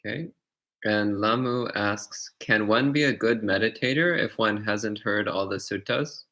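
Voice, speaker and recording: A man's voice: lowish voice, measured pace, pushed and bright. Male moderator, reads questions aloud, short and plain.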